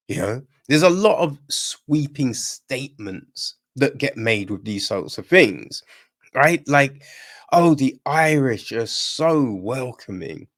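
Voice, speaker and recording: A man chatting loosely as a podcast film reviewer, blunt and ready to swear. He talks at an unhurried, drawn-out pace and keeps checking in with his listeners. He sounds a bit under the weather. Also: mid-range voice, a bit bright. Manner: conversational, keeps asking "right?" and "you know what I mean?". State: feeling unwell. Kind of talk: casual chat.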